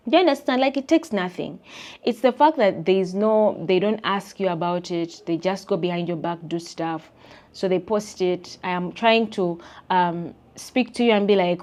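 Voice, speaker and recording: A woman's voice: medium pitch, normal speed. A young woman with a Ugandan accent, ranting to her viewers in an emphatic, indignant, chatty way. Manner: emphatic, indignant, animated with voiced quotes. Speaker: vlogger and content creator. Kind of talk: casual rant to camera.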